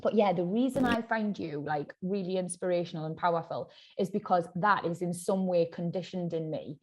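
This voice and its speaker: A woman's voice: on the low side, normal speed. Chatty Geordie woman hosting a podcast. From Newcastle, England. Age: 30s. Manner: chatty, swears casually, many fillers. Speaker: podcast host. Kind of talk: casual chat.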